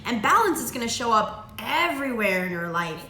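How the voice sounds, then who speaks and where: A woman's voice: on the high side, big pitch swings, fairly quick, sharp tone, echoey room, a little hiss or hum. A woman karate instructor patiently teaching a child, with lots of encouraging praise. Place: martial arts dojo.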